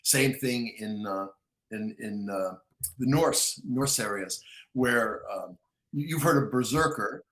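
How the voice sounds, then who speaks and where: A man talking as a guest author in a casual interview, excitable storyteller with frequent restarts who acts out quotes. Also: medium pitch, slow pace, echoey room, rough recording.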